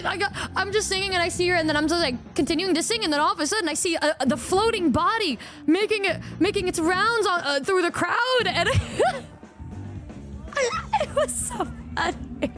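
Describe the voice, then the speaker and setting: High-voiced giggly woman streamer. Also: fast talker, soft background music. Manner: excitable, giggly, swears freely. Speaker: singer and streamer. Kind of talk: casual chat to fans.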